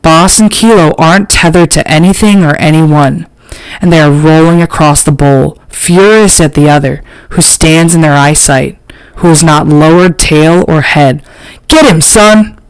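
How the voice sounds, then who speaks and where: A woman narrating an audiobook in a slow, measured, literary reading. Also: low-pitched, fairly even intonation, clear, resonant tone, no room sound, poor audio. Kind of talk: scripted narration.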